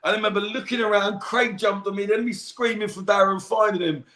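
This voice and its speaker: Man, high voice, emotional, animated, casual podcast chat, roomy echo. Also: a little fast. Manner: emotional, animated, addresses host as mate. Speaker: podcast regular, fan guest.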